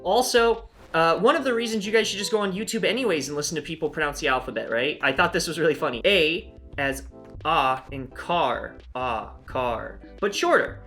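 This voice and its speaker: A man's voice: on the high side, lively intonation, fast talker, hardly any pauses, a bit bright, faint music behind. A man giving a frank, chatty, opinionated review in a casual spoken style. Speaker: language-resource reviewer.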